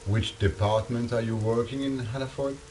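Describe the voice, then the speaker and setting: A man from Europe chatting casually, halting and repeating his words in non-native phrasing, with faint rain behind him. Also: mid-range voice, fairly even intonation, mellow, a little hiss or hum. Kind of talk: casual one-sided chat.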